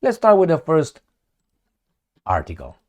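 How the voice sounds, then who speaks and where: A man's voice: on the high side, wildly swooping pitch, unhurried, dull audio. A man giving blunt, sarcastic political commentary with some swearing, talking straight to the viewer. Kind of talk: opinionated commentary monologue.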